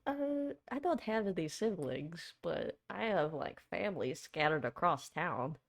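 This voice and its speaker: A woman's voice: fairly low pitch, animated, unhurried, gravelly. Hesitant woman in tabletop role-play. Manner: hesitant, full of fillers. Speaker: tabletop game player. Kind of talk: casual in-character role-play.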